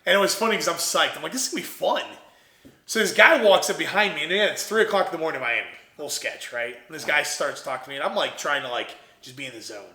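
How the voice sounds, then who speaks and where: A young man from Ohio, an entrepreneur guest, telling his story in a casual, animated way and acting out what others said. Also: on the high side, rapid-fire, few pauses, reverberant. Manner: animated, quotes himself and others in lively voices.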